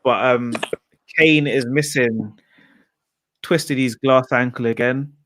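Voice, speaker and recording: A man's voice: mid-range voice, steady tone, slow, fairly bright tone, no room sound. Chatty man, dry close sound. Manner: chatty, laughs often, reads out viewer predictions. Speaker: football podcast host. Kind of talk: casual football chat.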